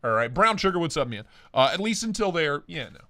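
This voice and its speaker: Loose, crude livestream host chatting. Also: male voice, a little high, very animated, a little fast, sharp tone. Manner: crude, joking, rambling, greets chatters by name. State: stuffed and short of breath. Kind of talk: casual live chat reading viewer comments. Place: home office.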